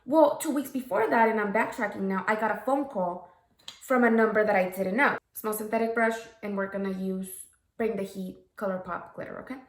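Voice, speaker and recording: A woman's voice: mid-range voice, fairly quick. A woman telling a story while doing a makeup tutorial, frank and profane, often checking in with "okay?" and "right?". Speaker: makeup vlogger. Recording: echoey room.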